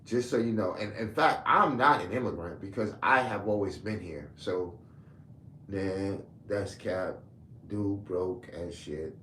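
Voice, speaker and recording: A low-voiced Brooklyn man speaks a little slowly, his delivery pushed and bright, as he angrily rants back at his commenters in a confrontational, repetitive way. The online commentator is recorded in an echoey room with faint ambience and a little hiss or hum.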